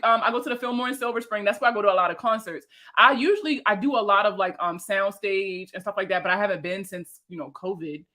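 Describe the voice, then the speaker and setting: A woman around thirty with a Baltimore accent, hosting a casual livestream chat with viewers, slangy and profane and quick to laugh. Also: on the high side, bright, forceful tone. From Baltimore, USA. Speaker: host answering viewer comments.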